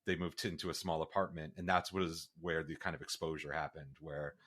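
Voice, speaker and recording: Male host, very low voice; relaxed, sympathetic, halting delivery. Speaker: podcast host. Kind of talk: conversational interview.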